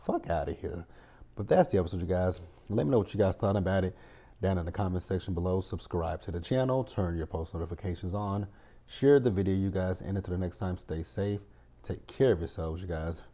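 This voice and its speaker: A man's voice: sits low, brisk. Profane, blunt man recapping reality TV. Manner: blunt, profane, animated rants. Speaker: TV recap vlogger.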